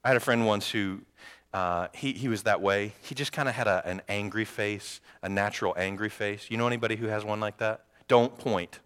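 A man preaching a sermon as pastor, lively and joking with the congregation. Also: on the low side, brisk, clean tone. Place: church sanctuary. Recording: long hall reverb.

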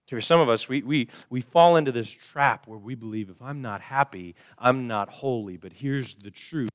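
A male pastor preaching a sermon, swinging from quiet, slow passages to loud, high emphasis and acting out quoted voices. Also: animated. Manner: acts out quoted voices of the congregation. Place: church.

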